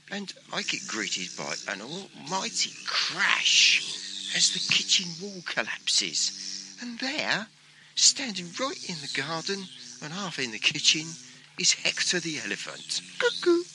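A man's voice: medium pitch, pushed and bright, a little hiss or hum, poor audio. A man hosting his own broadcast and telling a playful homemade story in a chatty, theatrical way. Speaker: host and storyteller.

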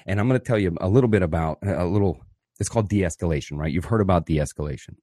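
A man hosting his own podcast, talking in an animated, profane way and acting out the voices he quotes. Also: sits low, fast talker, no echo, clean studio sound. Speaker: podcast host. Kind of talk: casual solo podcast monologue.

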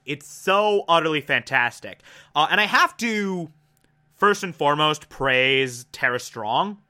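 Gushing man with a bright voice. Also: fairly high pitch, clean tone. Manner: gushing and enthusiastic, with frequent "uh" fillers. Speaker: episode reviewer. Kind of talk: casual review commentary.

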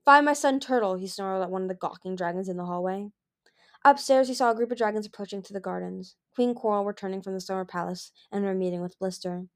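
A woman reading a fantasy novel aloud as amateur audiobook narration, in an expressive manner. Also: medium pitch, fast talker. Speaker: audiobook reader.

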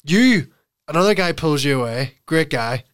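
A man's voice: on the high side, moderate pace, clear, resonant tone. Chatty young man telling a story. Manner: animated storytelling, laughs often, calls friend "lad". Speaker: podcast host. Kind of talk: casual chat.

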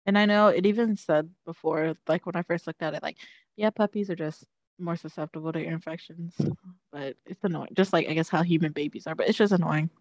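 A woman chatting casually and telling an animated story, acting out the people she quotes. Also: deep voice, brisk, no room sound, highs cut off. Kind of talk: casual chat.

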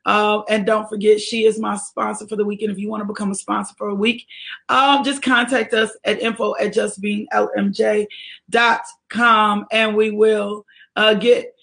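A woman hosts a livestreamed morning devotional for her ministry. She speaks in a lively, exhortative way and greets viewers by name. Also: medium pitch, moderate pace, creaky. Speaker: ministry leader hosting a devotional.

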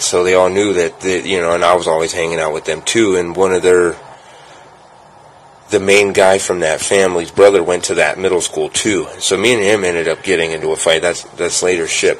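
A young man casually telling rambling, profane stories from his youth, full of fillers and loud acted-out quotes. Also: low voice, a little hiss or hum, low-quality recording. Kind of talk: casual storytelling.

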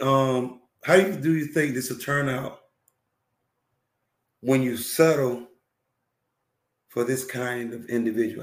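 A medium-pitched male talk show host gives emphatic, preachy relationship advice in a reverberant setting, repeating phrases and clearing his throat often.

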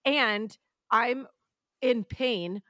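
A woman's voice: fairly high pitch, extremely slow, pushed and bright, no echo, studio quality. A young woman co-hosting a casual podcast, telling self-deprecating stories in a chatty way. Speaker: podcast co-host. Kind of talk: casual chat.

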